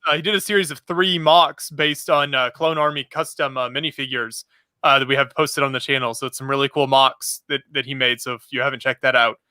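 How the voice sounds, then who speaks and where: A man's voice: mid-range voice, steady tone, fairly quick, bright, forceful tone, no room sound, studio quality. A man hosting a casual live stream chat, rambling with lots of fillers and frequent laughter over a remote call mic. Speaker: podcast host.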